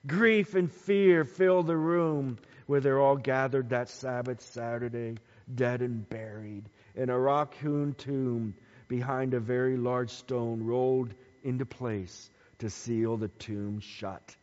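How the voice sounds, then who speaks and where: A man preaching a sermon, dramatic and emphatic, dropping to hushed tones at times. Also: mid-range voice, fairly even intonation, takes it slowly. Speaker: pastor. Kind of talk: Easter sermon. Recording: dull sound with long hall reverb.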